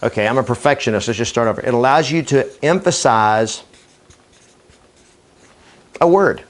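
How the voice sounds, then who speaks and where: A man giving an enthusiastic training talk to camera as a real estate trainer, using deliberate dramatic pauses for emphasis. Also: mid-range voice, lively intonation. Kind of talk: energetic training video monologue.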